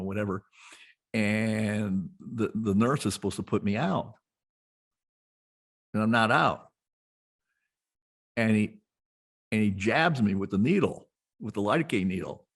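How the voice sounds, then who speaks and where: Husky rambling middle-aged man. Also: lowish voice, normal speed, pauses often. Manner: rambling, many restarts and fillers. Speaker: podcast host, guest being interviewed. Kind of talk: casual storytelling conversation.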